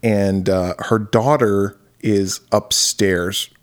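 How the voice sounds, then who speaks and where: A man co-hosting a casual horror movie podcast, chatty and prone to high-pitched laughing fits. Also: steady tone, very slow. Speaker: podcast co-host. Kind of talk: casual movie review chat.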